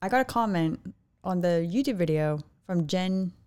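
A young woman co-hosting a podcast, speaking quietly and low-key, with frequent laughs. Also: lively intonation, moderate pace, clear, resonant tone. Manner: soft-spoken, low-key, laughs often. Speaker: podcast co-host. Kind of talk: casual chat.

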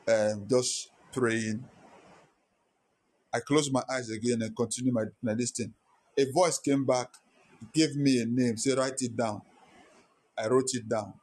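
A man's voice: on the high side, fairly bright tone, slightly rough. A male pastor, preaching a sermon with impassioned rhetorical questions.

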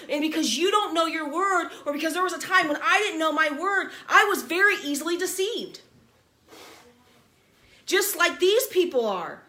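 Woman Bible teacher, high voice, emphatic conversational preaching. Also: bright, forceful tone.

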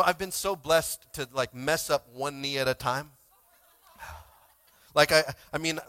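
A male pastor preaching a sermon informally, swinging between shouted exhortations and quiet asides, often asking the congregation to respond. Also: on the high side, clean tone, no room sound. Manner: informal, frequent "like" and call-and-response.

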